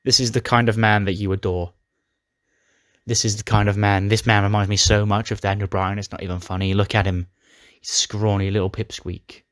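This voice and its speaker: A man's voice: fairly low pitch, little pitch movement, moderate pace, a bit bright, no room sound, studio quality, lightly acted. A man voicing a boastful male pro wrestler who taunts a smaller rival. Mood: taunting. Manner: cocky, taunting.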